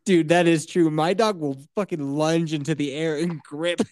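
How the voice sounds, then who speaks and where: A woman's voice: deep voice, steady tone, moderate pace, a little mellow, no echo, clean studio sound. A woman podcast host in casual banter, teasing her co-hosts with crude jokes and frequent laughter.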